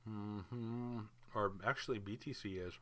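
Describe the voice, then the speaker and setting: Male vlogger, excitable chart talk, smooth clear voice, unhurried delivery. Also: lowish voice. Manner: chatty, hyped, talks to charts. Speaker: crypto market video host. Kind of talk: casual screen-share commentary.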